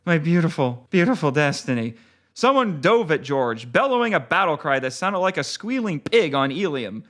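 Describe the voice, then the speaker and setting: Author reading his book aloud, fairly high male voice, lively intonation. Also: moderate pace. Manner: expressive reading, relaxed when chatting. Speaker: author and guest. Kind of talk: reading his novel aloud, then casual chat.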